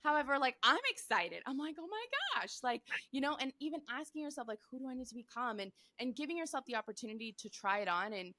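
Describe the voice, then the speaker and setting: Woman, podcast host, excited and gushing, slightly high voice. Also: quick pace, hardly any pauses, dry recording. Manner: gushing, excited, says "like" often. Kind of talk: casual podcast conversation.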